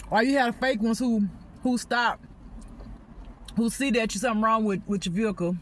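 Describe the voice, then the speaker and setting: Agitated high-voiced woman venting. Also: steady tone, brisk, slight background noise. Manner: rambling, agitated, swears often; pleading, exasperated outbursts. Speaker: spiritual vlogger. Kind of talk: unscripted venting monologue.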